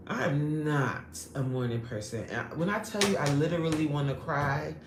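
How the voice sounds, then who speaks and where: A woman's voice: low voice, unhurried, echoey room, background noise. A woman hosting a casual live stream, chatting animatedly with her viewers, laughing often and greeting them by name. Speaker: live-stream host reading chat.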